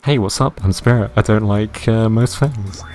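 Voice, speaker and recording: A man reading the lines of a gloomy, cynical dead young woman in a game, in a deadpan, flat way. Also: on the low side, moderate pace, faint music behind, close to an everyday voice. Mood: sullen.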